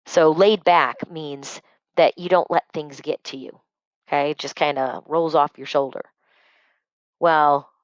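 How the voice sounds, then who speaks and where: A woman reads a children's chapter book aloud in a lowish, expressive voice, pausing to explain phrases like a teacher. The recording is dry and a little dull. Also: dry recording.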